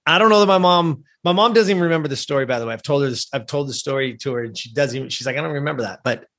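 A man's voice: mid-range voice, racing. A middle-aged man telling a personal story as a guest, acting out the voices of the people in it. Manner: animated, acts out voices in his story. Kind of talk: storytelling in a conversation.

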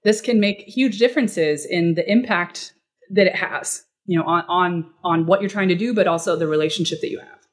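A woman's voice: on the low side, moderate pace. Chatty woman on a podcast, lots of "like" and "you know", acts out little back-and-forth scenes as she explains. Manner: animated, acts out client dialogue in quoted voices; casual, uses fillers like "like" and "you know". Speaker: guest expert. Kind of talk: podcast interview.

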